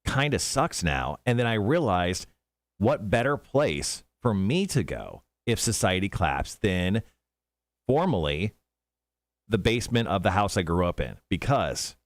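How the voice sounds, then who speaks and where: A man's voice: fairly low pitch, sing-song, a little slow, no echo. A man hosting a morning radio show at a studio mic, joking and rambling playfully.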